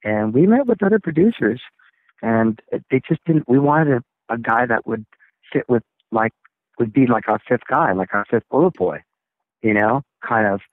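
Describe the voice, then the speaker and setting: A man, a rock singer, telling stories in a casual interview, rambling and animated. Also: mid-range voice, moderate pace, no room sound. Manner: rambling, animated storytelling with laughs. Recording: tinny phone line, dry.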